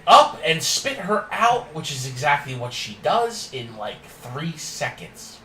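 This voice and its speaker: A man's voice: a little high, sing-song, slow, bright, forceful tone, echoey room, recorded from a distance, a little hiss or hum, rough recording. A man hosting a casual wrestling recap, opinionated and ranting with frequent laughs. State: yawning and tired.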